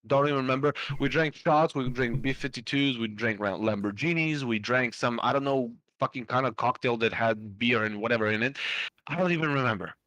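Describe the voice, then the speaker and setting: A man's voice: medium pitch, a little fast, fairly bright tone, dry recording. A young man telling a long story on a podcast in a loose, rambling way, with lots of fillers and casual swearing. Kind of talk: casual storytelling among friends.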